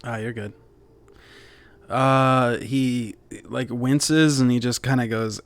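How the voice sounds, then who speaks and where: A man's voice: mid-range voice, fairly even intonation, takes it slowly, soft background music. Man, game master, casual tabletop narration, filler-heavy.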